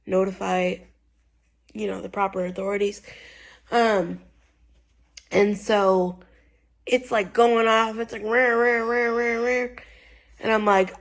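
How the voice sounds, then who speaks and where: A young woman tells a story to her vlog audience at an unhurried pace, her voice sitting in an ordinary middle range. She rambles, circles back and leans on "like" and "you know" as she recounts what happened. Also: mid-range voice. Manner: rambling, full of "like" and "you know", retelling with feeling. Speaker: vlogger. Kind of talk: casual storytelling to camera.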